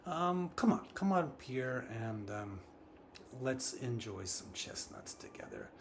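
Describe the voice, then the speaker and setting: A man's voice: medium pitch, wildly swooping pitch, measured pace, gravelly, slight background noise, full character voice. A man doing a preachy, mocking tree monkey. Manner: scolding, rhetorical, hesitant with ums.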